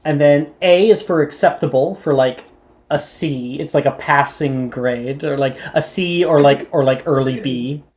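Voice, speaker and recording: Chatty game master, mid-pitched. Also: measured pace, darkish tone. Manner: casual, many "like" fillers. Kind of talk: running a tabletop game.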